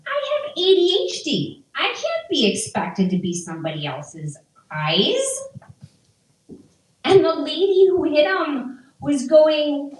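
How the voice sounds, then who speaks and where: Deadpan woman comic in an echoey room. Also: high voice, slow pace, far from the mic. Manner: dry, deadpan one-liners. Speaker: stand-up comedian. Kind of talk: stand-up comedy set. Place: comedy venue before a live audience.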